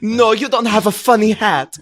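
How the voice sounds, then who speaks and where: A man's voice: high-pitched, moderate pace, fairly bright tone, faint music behind. A man voicing a showboating barber with a put-on, over-the-top Italian accent, singing and boasting in a live improv comedy show. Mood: hammy boastful. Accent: fake Italian put on. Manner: hammy, sings lines.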